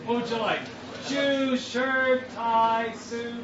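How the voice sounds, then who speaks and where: High-voiced man bantering from a distant stage. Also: flat delivery, takes it slowly. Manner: playful, bantering with listeners. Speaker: preacher. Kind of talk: interactive sermon with audience. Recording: distant, echoey, dull and noisy room recording.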